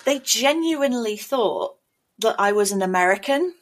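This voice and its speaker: A woman's voice: a little high, expressive, moderate pace. An English woman co-hosting a casual podcast chat, chatty and self-mocking, often breaking into laughs. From England. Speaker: podcast co-host.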